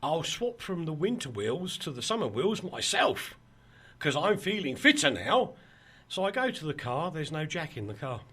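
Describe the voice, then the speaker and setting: A man hosting a radio talk show, telling a story in a lively, laughing way and quoting people along the way. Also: a little high, normal speed, few pauses, husky. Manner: animated, laughing storyteller with mock quotes. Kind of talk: casual chat, storytelling.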